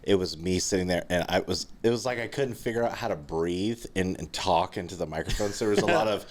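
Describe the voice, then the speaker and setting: A man with a deep, low voice chatting as a podcast co-host. He is laid-back and agreeable, tossing in "yeah" a lot and restarting sentences as he goes. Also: brisk. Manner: easygoing, lots of "yeah" and repeated starts. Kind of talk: casual chat.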